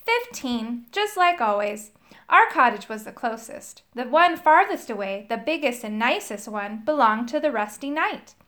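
A woman reading a children's story aloud, telling it in the first person with an expressive storyteller's lilt. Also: a little high, measured pace. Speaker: storybook reader.

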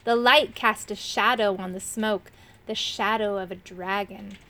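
A woman reading a children's chapter book aloud with expressive, dramatic delivery. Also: mid-range voice, unhurried. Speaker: narrator.

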